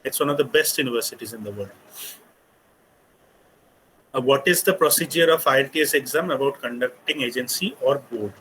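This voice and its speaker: Brisk man with an Indian English accent. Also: mid-range voice, bright, forceful tone, a little hiss or hum, poor audio. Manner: explanatory, with frequent fillers. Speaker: guest speaker on study abroad. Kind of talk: webinar talk, English mixed with Hindi. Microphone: computer mic on a video call.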